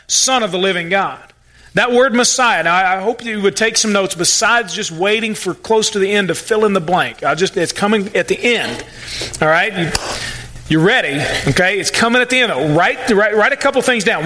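Bright-voiced earnest male pastor. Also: high voice. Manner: earnest preaching, repeats words when stressing a point. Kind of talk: sermon.

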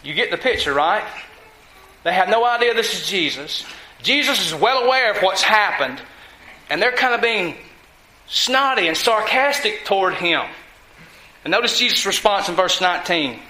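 A man's voice: sits high, expressive, normal speed, bright, forceful tone, roomy sound, slight background noise, low-quality recording. A man teaching a sermon on a Bible passage, reading verses aloud and talking to the room in a conversational way. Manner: conversational, checks in with listeners; reads scripture aloud. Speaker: preacher.

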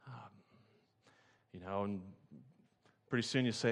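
Animated storytelling male pastor. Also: on the low side, measured pace. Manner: animated storyteller who acts out characters. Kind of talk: sermon.

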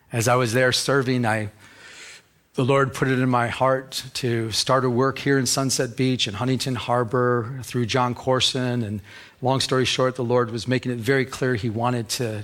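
Middle-aged pastor guy preaching, earnest and lively, tells stories, trips over "I, I" a lot. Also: medium pitch, moderate pace. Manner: earnest, animated storyteller who stammers on "I". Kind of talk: sermon with personal storytelling.

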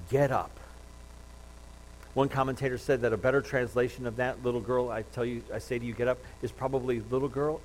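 A man preaching a sermon, retelling a Bible story with lively acted-out quotes and frequent restarts. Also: mid-range voice, a little hiss or hum, low-quality recording. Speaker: pastor.

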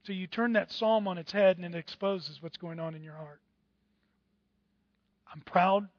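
A man's voice: high voice, unhurried, no room sound, highs cut off. A man preaching a sermon as pastor, talking animatedly and acting out the voices of others.

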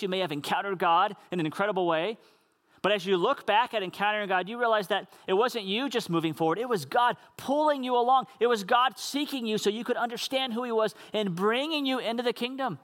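A man's voice: high-pitched, fairly bright tone. A man preaching a sermon in an earnest, conversational way, with casual asides to the congregation. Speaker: pastor.

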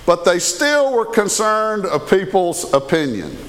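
A man's voice: high voice, very animated, a little slow, a bit bright. A man, preaching a conversational sermon as a pastor and often asking the congregation questions. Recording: long hall reverb.

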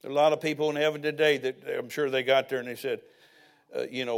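A man's voice: mid-range voice, steady tone, fast, clear, resonant tone. An older man preaching a sermon as pastor, telling personal stories with folksy asides.

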